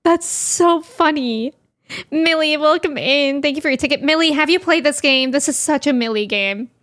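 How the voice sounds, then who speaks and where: A woman's voice: high voice, normal speed, a bit bright. A young woman streaming a game, giggling and reacting aloud in casual chat. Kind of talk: casual live-stream commentary.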